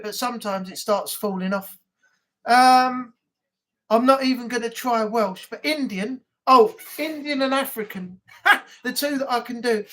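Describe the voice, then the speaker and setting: A man's voice: extremely high pitch, a bit bright. A man from England hosting a casual live chat, rambling with many ums. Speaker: live stream host.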